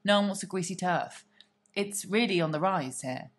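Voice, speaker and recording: A woman's voice: fairly low pitch, normal speed. Gossipy woman co-hosting a chat. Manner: gossipy, theatrical, swears freely. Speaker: podcast co-host. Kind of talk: casual chat.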